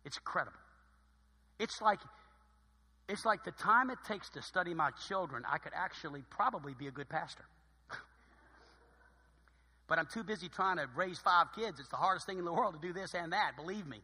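A middle-aged man preaching a sermon as pastor, telling stories in an animated way that swings between loud bursts and quiet asides. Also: high-pitched, a little fast, long pauses, breathy edge. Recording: long reverb of a large hall.

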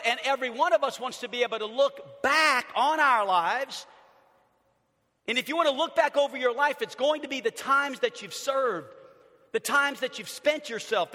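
High bright-voiced preacher in a big hall. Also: male voice. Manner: animated preaching, swings between loud and hushed. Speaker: pastor. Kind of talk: sermon. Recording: long reverb of a large hall.

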